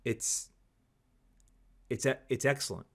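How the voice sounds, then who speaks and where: Man, casual product review, opinionated, repeats stock phrases, average pitch. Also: takes it slowly. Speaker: scope reviewer.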